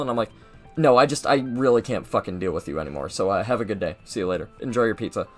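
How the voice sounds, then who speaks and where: A man's voice: fairly low pitch, fast, soft background music. A young man casually telling a rambling story over gameplay, acting out the people in it as he goes. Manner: rambling, animated, mimics people in his story. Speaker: gaming video host.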